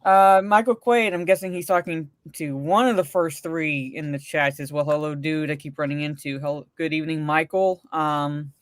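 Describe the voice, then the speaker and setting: A woman's voice: low-pitched, steady tone, moderate pace, hardly any pauses, clear, resonant tone, no room sound, studio quality. A woman co-hosting a casual livestream and reading out chat messages, talking in a rambling way with many fillers and restarts. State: recovering from a migraine. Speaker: co-host reading live chat.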